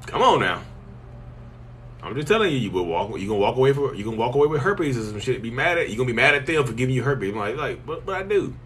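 A man's voice: medium pitch, very animated, fast talker, fairly bright tone, a little hiss or hum. A man hosting a casual live stream, answering viewers bluntly and joking with them. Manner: blunt, joking, teasing, colloquial, talks straight to viewers as "y'all".

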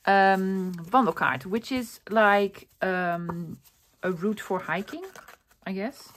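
A woman's voice: mid-range voice, slow pace, slight background noise. Chatty, enthusiastic woman vlogger. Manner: enthusiastic, rambling, with many fillers and self-corrections. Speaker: vlogger showing a thrift haul. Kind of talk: casual chatty show-and-tell.

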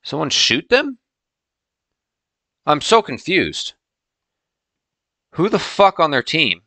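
A man giving casual gameplay commentary as host, a little tipsy, swearing through excitable outbursts. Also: on the high side, takes it slowly, creaky, no room sound. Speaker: let's-play host.

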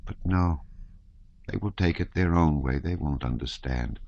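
A man voicing a dying nobleman who speaks quietly and coldly, from a detached distance. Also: a bass voice, a little slow, creaky, exaggerated voice. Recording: slightly dull recording.

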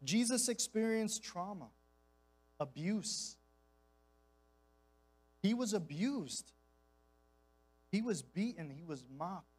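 A man's voice: sits high, animated, slow pace, pauses often, breathy edge, rough recording. A man preaching as a guest speaker in a church, mixing impassioned, conversational delivery with casual slang and repeated phrases. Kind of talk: sermon.

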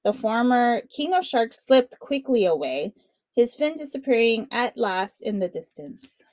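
Expressive woman reading a children's story. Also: a little high, measured pace, no room sound. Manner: expressive, dramatic narration. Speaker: children's book reader. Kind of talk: read-aloud storytelling for children.

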